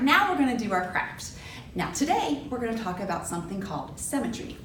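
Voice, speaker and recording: A woman presenting a children's library program, animated and gasping with exaggerated delight. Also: a little high. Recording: roomy echo, distant mic, faint hiss.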